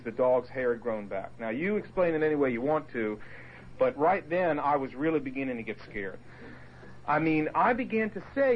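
A man with a fairly high voice tells his testimony to a group, swinging his pitch widely as he acts out quotes and asides. The recording is muffled and lo-fi, with a faint hiss underneath. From Portsmouth, Virginia area. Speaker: speaker giving his testimony. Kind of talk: animated personal testimony to a group.

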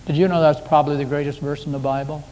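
A man's voice: on the high side, flat delivery, quick pace, dark tone. A man preaching a sermon as pastor, in a folksy, conversational way full of homely anecdotes, recorded in a church sanctuary. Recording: echoey hall with faint background hiss.

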